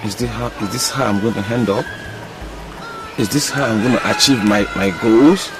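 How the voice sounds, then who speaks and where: A man's voice: on the low side, moderate pace, lightly acted. Despairing young nigerian man, played by an actor, stammering, a bit distant from the mic, music behind. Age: young adult. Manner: troubled, stammering.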